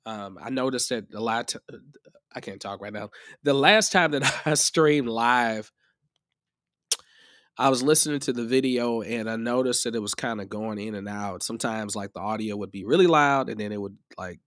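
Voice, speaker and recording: A man's voice: medium pitch, moderate pace, fairly bright tone, dry recording, studio quality. A man hosting a live music-production tutorial stream, rambling in a casual, chatty way while a bit under the weather. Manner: rambling and chatty, often restarts.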